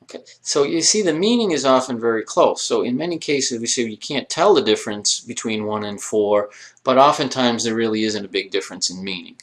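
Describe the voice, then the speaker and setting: A man's voice: mid-range voice, lively intonation, brisk. A man teaching a recorded lesson, explaining step by step and asking rhetorical questions as he goes. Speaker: Arabic teacher. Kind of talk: recorded lecture.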